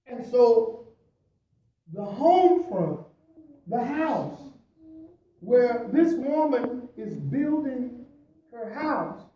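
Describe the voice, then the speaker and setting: A high-pitched man preaching with a mellow, warm tone, pushing some lines out loud and dropping others low. He is a pastor who keeps dropping in praise and amen between his points. He is picked up by a distant mic in a very echoey church. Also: very animated, extremely slow, long pauses, a little hiss or hum. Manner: punctuates with "praise the Lord" and "hallelujah"; preacherly, swings between loud emphasis and quiet asides. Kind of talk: preaching at a bible study.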